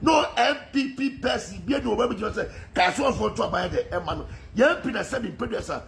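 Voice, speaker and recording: Ghanaian male commentator, high raspy-fry voice, impassioned monologue with frequent laughs. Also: lively intonation, a little fast, a bit bright, a little hiss or hum. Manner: fervent, often laughing mid-sentence. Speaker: political social media commentator.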